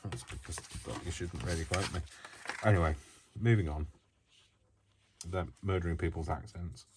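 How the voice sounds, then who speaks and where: While he works on his crafts, a low-voiced vlogger rambles at normal speed, talking to himself and poking fun at himself in casual chat. The sound comes from a built-in camera mic that isn't working, in a noisy home recording.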